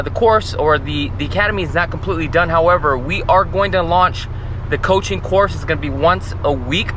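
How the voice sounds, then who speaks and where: A man's voice: fairly high pitch, fairly bright tone, slight background noise. A man, a real estate agent vlogging in a loose, rambling, motivational way. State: out of breath while walking. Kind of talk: casual vlog talk to camera.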